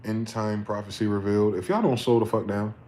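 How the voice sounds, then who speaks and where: Male livestream host, low mellow voice, rambling profane commentary, faint noise behind. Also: fairly even intonation, fairly quick.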